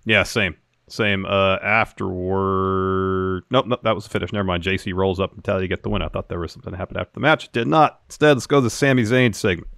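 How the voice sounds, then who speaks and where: A man's voice: sits low, fast, gravelly, dry recording, studio quality. A man co-hosting a wrestling podcast, retelling the show's segments step by step in casual chat. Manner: steady play-by-play retelling of segments. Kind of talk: casual show recap chat.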